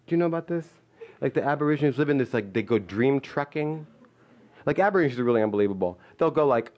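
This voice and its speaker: A man's voice: medium pitch, lively intonation, quick pace, a little mellow. A man in his fifties telling comic stories on stage, rambling and stop-start with lots of "like", playful and self-mocking. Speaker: comedian. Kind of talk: live storytelling stand-up.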